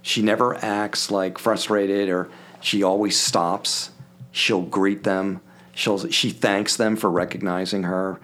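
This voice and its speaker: Animated older man telling stories. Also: low voice, takes it slowly. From Philadelphia. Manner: animated, acts out quoted voices. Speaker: podcast guest. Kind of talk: casual storytelling.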